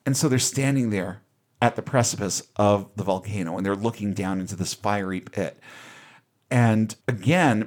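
A man casually retelling a movie's plot on a podcast, wry and offhand, with the odd swear. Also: on the low side. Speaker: podcast host recapping a film. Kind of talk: casual recap chat.

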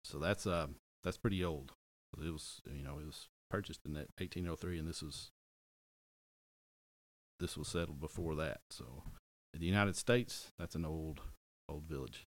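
A man's voice: very deep voice, normal speed. A middle-aged man chatting casually on a podcast, rambling, correcting himself and joking as he goes. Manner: rambling, self-correcting, jokey. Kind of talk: casual chat.

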